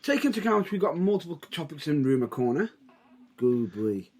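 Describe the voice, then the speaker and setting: A man co-hosting a podcast with a dry, teasing manner. His voice is fairly high, and its pitch moves in a lively way. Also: fast. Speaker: podcast co-host. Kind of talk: casual chat.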